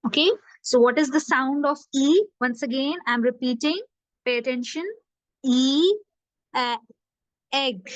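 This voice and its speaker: Lady teacher, high voice, goes slow n repeats each sound, dry close mic. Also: steady tone, no room sound. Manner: patient, drills sounds over and over. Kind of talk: phonics lesson, slow repetition.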